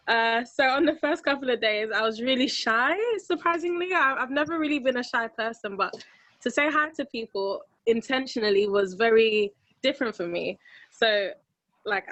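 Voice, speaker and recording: A woman's voice: medium pitch, a bit bright, no echo. A young woman in her twenties, chatting in a casual, upbeat way and laughing easily on a video call. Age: 20s. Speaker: team member in a meeting.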